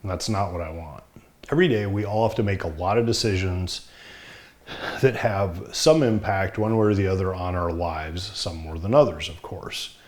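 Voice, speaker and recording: A man's voice: low-pitched, moderate pace. A middle-aged man talking frankly and plainly to the camera, wry at times, somewhat short of breath. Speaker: vlogger. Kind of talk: casual talk to camera.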